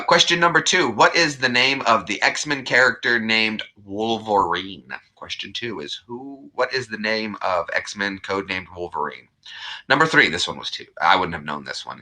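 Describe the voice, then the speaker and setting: A man's voice: lowish voice, bright, forceful tone. A man hosting a casual live stream, rambling and chatty as he greets viewers by name and reads trivia questions. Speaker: livestream host.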